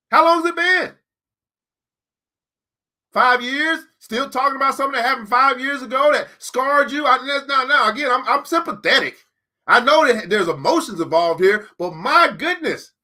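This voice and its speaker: Man, motivational teaching talk, preacher-like cadence, high voice, addresses listeners directly. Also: lively intonation, pushed and bright. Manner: emphatic, preacher-like, repeats key lines slowly. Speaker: teacher and book club host.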